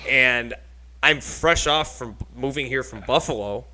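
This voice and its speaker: A man's voice: mid-range voice, a little slow, pushed and bright, poor audio. A man hosting a casual podcast, telling rambling stories and laughing often. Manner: chatty rambling storyteller with frequent laughs. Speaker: podcast host.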